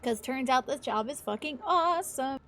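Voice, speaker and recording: A woman's voice: high voice, expressive, moderate pace, a bit bright, slight background noise. A woman streamer chatting casually on a live stream, swearing freely as she plays.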